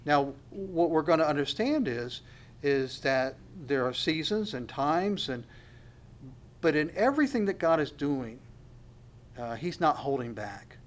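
A male preacher with a voice a little higher than most men's. He talks through his sermon in a relaxed, conversational way and keeps asking his listeners reflective questions. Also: a little slow.

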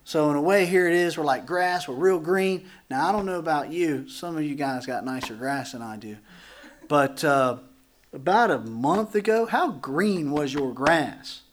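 A man's voice: fairly high pitch, measured pace. A pastor stands before his congregation in a church and teaches through scripture in an easy, conversational way. He is a man with a slightly raised voice, and he drops into little acted-out voices, then trades jokes with the listeners. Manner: animated, acts out dialogue, jokes with the congregation.

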